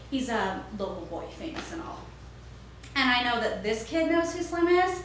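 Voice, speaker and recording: Animated woman telling a story. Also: mid-range voice. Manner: animated, acts out every character. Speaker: storyteller playing a store clerk. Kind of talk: staged storytelling monologue. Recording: echoey, distant, faint noise.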